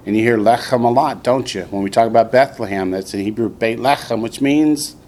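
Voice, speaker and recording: A man's voice: mid-range voice, brisk, a little mellow. A man teaching a classroom language lesson, patiently repeating his students' answers before explaining.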